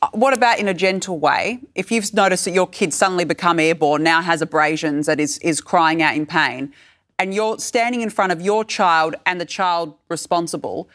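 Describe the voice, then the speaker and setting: A woman's voice: on the low side, normal speed. A woman hosting a casual panel chat, arguing her point persistently. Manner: persistent, argumentative, animated. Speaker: host.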